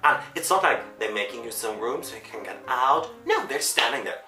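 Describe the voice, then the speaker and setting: Chatty young woman, lively and bright. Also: a bass voice, normal speed. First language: not English. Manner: rambling, chatty, self-correcting. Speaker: vlogger. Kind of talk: casual chat to camera. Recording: echoey room with faint music.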